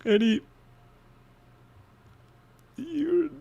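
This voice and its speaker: A whiny little boy fake-sobbing, his voice squeezed up into a thin, wavering falsetto far above a grown man's range, as a man puts him on. The grief is plainly hammed up, drawn out and sing-song. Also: animated, extremely slow, vocal fry, dark tone, lo-fi sound, full character voice. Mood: mock grief. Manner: high mock-sobbing falsetto.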